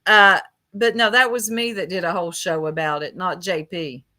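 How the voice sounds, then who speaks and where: A woman's voice: lowish voice, fairly even intonation, normal speed, bright, forceful tone. A woman hosting a casual livestream, gossiping with chat and greeting viewers by name, laughing often. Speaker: livestream host.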